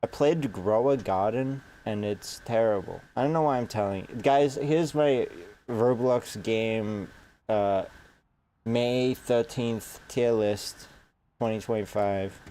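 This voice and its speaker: Slow, mellow-voiced man with a stuffy nose. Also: mid-range voice, slight background noise. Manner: sarcastic, rambling, profane. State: congested nose. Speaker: streamer. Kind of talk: casual gaming commentary.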